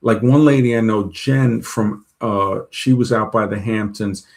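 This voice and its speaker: A man with a lowish, steady voice speaks unhurriedly in a casual chat. He rambles through long personal stories, restarting often and retelling conversations with lots of "she goes."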